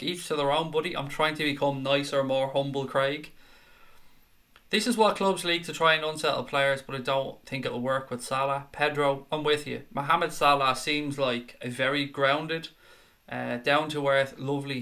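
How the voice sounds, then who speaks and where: A man hosting a live fan stream, reading out viewers' comments and answering them. His voice is bright and forward, with a mid-range pitch. He talks in a blunt, animated, casual way. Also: normal speed. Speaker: fan chat show host.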